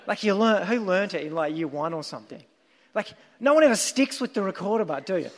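A man gives a sermon through earnest, emphatic, animated storytelling at a brisk pace. His voice is high for a man, and a long reverb trails each phrase across the hall.

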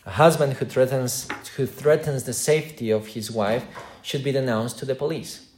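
A man's voice: medium pitch, steady tone, moderate pace, a little hiss or hum. A male pastor preaching a sermon to his congregation, earnest and direct, putting rhetorical questions to his listeners. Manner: preaching with wide swings between loud emphasis and quiet asides.

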